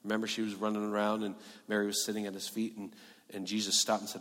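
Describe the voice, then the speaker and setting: Man preaching a sermon, earnest, goes loud then real quiet, big hall echo. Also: on the low side, little pitch movement, quick pace. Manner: earnest, swings from emphatic to hushed. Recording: echoey hall reverb.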